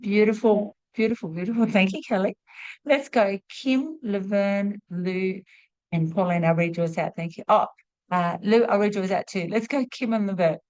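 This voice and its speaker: A woman's voice: medium pitch, normal speed, muffled recording. Woman hosting an online spiritual class. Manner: warm, repeats praise words in threes. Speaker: host and spiritual teacher. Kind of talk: live online class, leading a sharing round.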